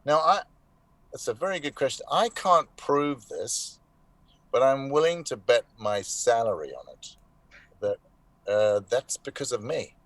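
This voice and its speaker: A man of middle pitch tells stories in a relaxed interview, animated and unhurried, with frequent false starts. His voice sounds close and dry, with no room around it. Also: no echo. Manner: animated anecdotes with hesitant restarts. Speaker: actor being interviewed. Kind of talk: casual interview storytelling.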